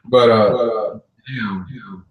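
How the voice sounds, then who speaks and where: A man's voice: on the low side, steady tone, very slow, lo-fi sound. A man co-hosting a podcast in casual chat, laid-back and full of slang and swearing. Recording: roomy, echoey recording.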